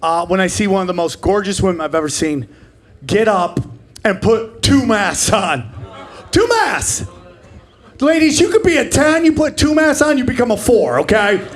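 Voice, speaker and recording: A man in his forties doing live stand-up comedy, brash and profane, bursting into shouted voices. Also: sits high, animated, moderate pace. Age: 40s. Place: comedy stage before a laughing audience.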